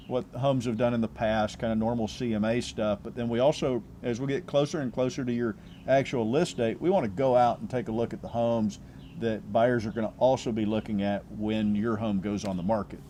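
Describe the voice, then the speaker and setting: A man's voice: mid-range voice, warm tone, slight background noise. A man, a real estate agent answering interview questions in an easygoing way, often restarting his phrases.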